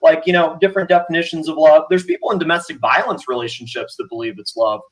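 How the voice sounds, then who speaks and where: A man in a livestream argument who mocks and needles the other person, sometimes shouting. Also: a little high, quick pace, rough recording. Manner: mocking, combative, sometimes shouting. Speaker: livestream guest.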